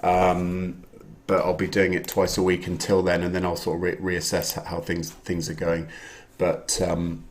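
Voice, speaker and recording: A man's voice: deep voice, completely flat delivery, moderate pace, slight background noise. A man hosting an online quiz, chatting casually and greeting viewers by name. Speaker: quiz host. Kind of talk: casual live-stream chat.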